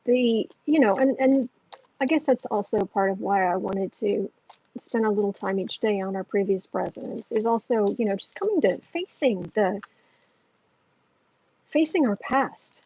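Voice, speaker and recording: Husky woman hosting a tarot livestream. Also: medium pitch, unhurried, warm tone. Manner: earnest, rambling, with frequent restarts. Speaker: tarot reader and livestream host. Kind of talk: casual livestream chat, reading viewer comments. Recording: dull lo-fi sound.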